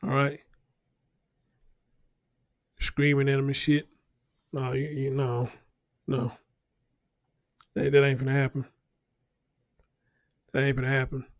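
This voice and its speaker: A man's voice: medium pitch, completely flat delivery, slow pace, pauses often, no echo, studio quality. A man hosting a casual news commentary show, talking bluntly and profanely and repeating his points for emphasis. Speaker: show host.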